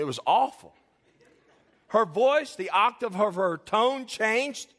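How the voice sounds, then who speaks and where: A man's voice: sits high, lively intonation, measured pace, a bit bright. A male pastor preaching a sermon in church, telling confessional, humorous stories to his congregation.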